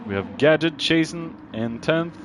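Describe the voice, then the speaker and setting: A man giving live commentary on a sim racing league, calling overtakes and getting excited, even shouting warnings at drivers. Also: a little high, unhurried, noisy background.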